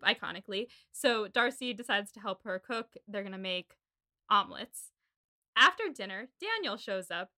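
Bright-voiced American woman recapping. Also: a little high. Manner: retells film plots in long, breezy summaries. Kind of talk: casual podcast chat.

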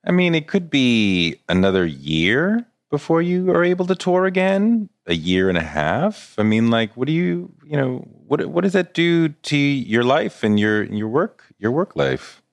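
A man's voice: mid-range voice, big pitch swings, unhurried, few pauses. A man hosting a casual interview, asking rambling, searching questions full of fillers. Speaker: podcast interviewer.

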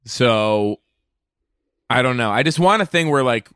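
A man co-hosting a comedy podcast who rambles through absurd bits in loose, improvised banter. His voice is smooth and resonant, recorded close and dry with no room sound. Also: mid-range voice, expressive, a little slow, a bit bright, no room sound. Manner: rambling, riffing on absurd ideas. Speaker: podcast co-host.

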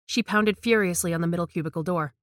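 Woman reading a creepy story, low-ish voice, hushed and tense, dry close sound. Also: fast talker, no room sound. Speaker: narrator. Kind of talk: scripted horror story narration.

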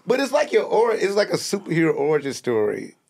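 A man co-hosting a podcast, jumping in with excited, stammering comments during casual chat. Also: high voice, quick pace, creaky, crowd noise. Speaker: podcast co-host.

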